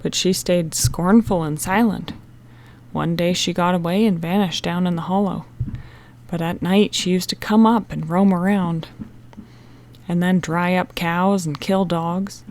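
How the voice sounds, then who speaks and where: A woman reading an audiobook, voicing a stern superstitious countrywoman who tells a witch legend in a low, intense way. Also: fairly even intonation, measured pace, darkish tone, a little hiss or hum. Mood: ominous.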